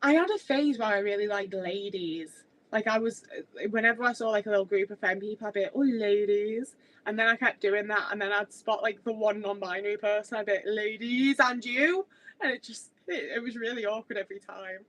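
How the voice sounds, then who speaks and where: A woman's voice: mid-range voice, fast, a bit bright, poor audio. A woman, chatting casually on a livestream in a rambling way with many filler words. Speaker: streamer.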